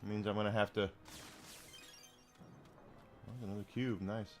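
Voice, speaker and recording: Over soft background music, a man streams a video game, chatting casually with viewers and commenting on his finds, reading chat between game remarks. His voice is on the low side, level in tone, at a moderate pace.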